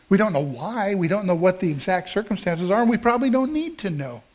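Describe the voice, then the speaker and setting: A man's voice: high-pitched, expressive, fairly quick. A middle-aged male pastor preaching a sermon, telling a story in a conversational way with emphatic rises.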